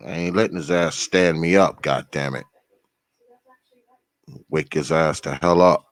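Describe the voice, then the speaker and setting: A man with a rumbling low voice hosts a casual livestream, greeting viewers by name. His intonation is fairly even and his pace unhurried, with no echo, and his manner is profane, laughing and loose.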